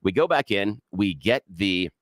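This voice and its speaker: An American man co-hosting a radio talk show, telling a story in a lively, animated way with laughs. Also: on the low side, measured pace, no room sound, clean studio sound.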